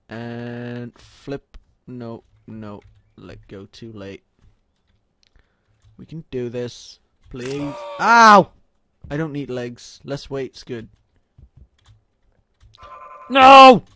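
A man doing let's play commentary, muttering low and then breaking into loud frustrated shouts. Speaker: gaming commentator.

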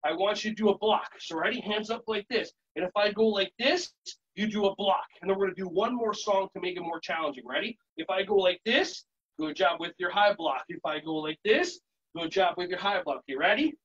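A man teaching a live virtual workshop, playful and energetic, chanting songs and shouting sudden "aya" calls. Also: high voice, brisk, slightly rough, muffled recording. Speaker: children's yoga and martial arts instructor.

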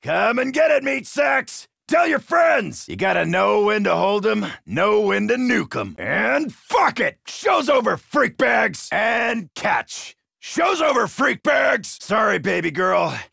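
An actor playing a cocky, crude middle-aged American marine in a video game, with a gravelly voice and a brash, shouty, wisecracking manner. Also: male voice, medium pitch, big pitch swings, a little slow, no room sound, studio quality, full character voice. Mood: gung-ho.

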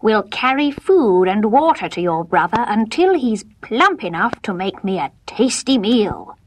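A wicked old storybook witch, put on by a woman, her voice pitched high and shrill as she gloats and coaxes slyly. She cackles over her plans in a husky, breathy tone. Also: sing-song, measured pace, dry recording. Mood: gloating. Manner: shrill and gloating, sly coaxing.

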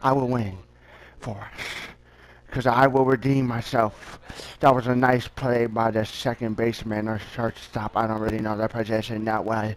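A young man giving excited commentary over a baseball video game, talking to himself and trash-talking the players. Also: on the low side, moderate pace, a little hiss or hum. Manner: talks to himself, hyping himself up, playful trash talk. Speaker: guest gameplay commentator.

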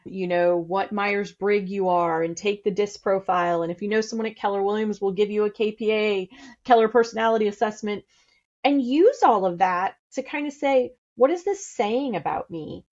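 A woman's voice: mid-range voice, darkish tone, lo-fi sound. Blunt, candid middle-aged woman. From St. Louis, USA. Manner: blunt, candid and fast-talking. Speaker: podcast guest. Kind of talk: casual interview talk.

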